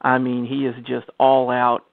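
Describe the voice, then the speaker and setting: A man's voice: medium pitch, completely flat delivery, moderate pace, vocal fry, no echo. A man hosting a radio interview, enthusiastic and laughing easily in casual chat. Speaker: radio show host. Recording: tinny phone line.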